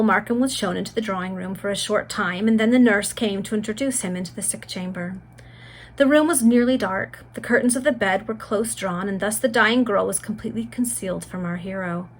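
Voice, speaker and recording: A woman reading a Victorian novel aloud, narrating in a steady, measured way. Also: medium pitch, rough recording. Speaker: reader.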